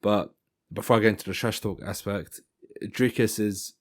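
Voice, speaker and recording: A man's voice: fairly low pitch, fairly even intonation, normal speed. A man giving casual fight commentary in a rambling style, often stopping to correct himself. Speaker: MMA commentator.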